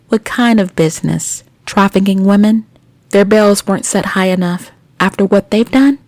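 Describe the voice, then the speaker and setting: A woman's voice: fairly low pitch, a little mellow, no echo. A woman hosting a news commentary podcast, reading stories and breaking in with blunt, indignant asides to her listeners. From United States. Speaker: podcast host.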